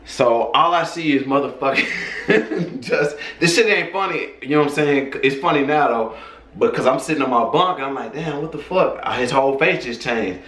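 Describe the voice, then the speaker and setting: A man's voice: mid-range voice, moderate pace, fairly bright tone, echoey room. A man casually telling a personal story in a loose, profane, conversational way.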